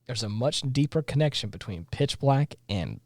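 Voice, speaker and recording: A man's voice: medium pitch, animated, normal speed, no room sound, clean studio sound. A man co-hosting a casual podcast, reading film trivia aloud with frequent fillers and small laughs. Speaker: podcast co-host.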